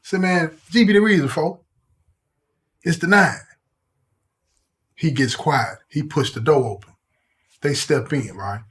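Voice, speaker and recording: Animated storytelling man with speech. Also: a little high. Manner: animated, acts out quotes with shifting voice. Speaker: storyteller host. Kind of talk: casual prison storytelling.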